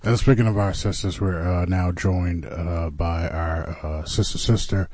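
A man's voice: low voice, steady tone, a little slow, a little mellow, dry recording. A man hosting a casual podcast chat, joking around and hesitating with lots of fillers. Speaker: podcast host.

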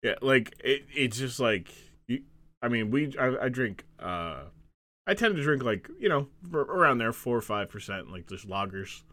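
A man hosts a relaxed podcast chat and keeps cracking jokes. His voice is bright and forward, recorded dry and close. He laughs often and slips into goofy voices for his bits. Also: mid-range voice, normal speed, dry recording. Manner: jokey, laughs often, acts out silly voices. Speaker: podcast host. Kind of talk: casual chat.

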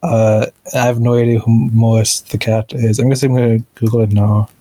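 A man's voice: on the low side, a little fast, no echo. Dry-sounding man in casual book chat. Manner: rambling, animated retelling of scenes. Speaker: book club podcast co-host.

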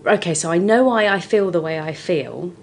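A woman's voice: fairly low pitch, normal speed, slight background noise. A woman in her forties from the United Kingdom, a guest talking frankly and expressively about her life in a podcast conversation. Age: 40s. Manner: frank, expressive storytelling with lively swings. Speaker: guest, comedian.

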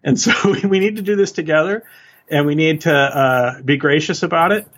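A male author answering interview questions in an earnest, even way, laying out his ideas step by step. His voice sits a little higher than most men's. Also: fairly quick. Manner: earnest, steady explaining. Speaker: author and guest.

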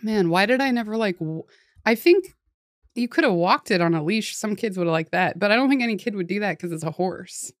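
A young woman co-hosts a relaxed comedy podcast. Her voice sits at a middle pitch, and she laughs a lot and answers her partner in short, quick lines. The sound is close and dry. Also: no room sound. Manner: laughs often, quick agreeing replies. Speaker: podcast co-host. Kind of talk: casual comedic chat.

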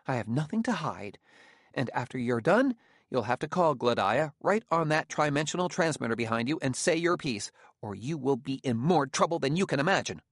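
A man reading an audiobook, voicing a young male courtier who is tense, proud and quickly indignant. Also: medium pitch, expressive, dry recording, clean studio sound, voice pushed up. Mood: defensive.

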